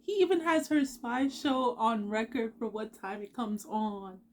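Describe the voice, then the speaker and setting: A woman's voice: fairly high pitch, expressive, measured pace, a little hiss or hum. A woman hosting an anime reaction video, emotional and talking back to the characters on screen in casual commentary.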